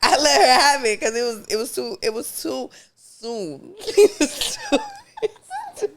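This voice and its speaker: A woman's voice: high voice, big pitch swings, measured pace. A woman co-hosting a podcast, telling stories in casual chat and breaking into laughter. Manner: storytelling, bursts into laughter. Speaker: podcast co-host.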